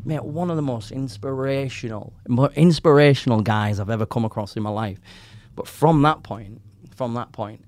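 A man in his forties, a podcast guest telling his story in casual, animated chat, quoting people and swearing as he goes. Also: mid-range voice, normal speed, few pauses. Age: 40s.

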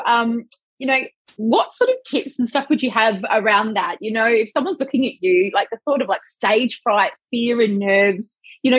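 A woman's voice: on the high side, husky, no room sound. A woman hosting a podcast interview, asking questions and responding with enthusiasm. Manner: enthusiastic, affirming. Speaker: podcast host.

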